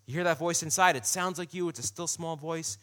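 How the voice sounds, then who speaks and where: A man's voice: a little high, steady tone, fairly quick, fairly bright tone. A male pastor preaching a sermon in a conversational way, talking straight to the congregation. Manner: conversational, addresses the congregation directly.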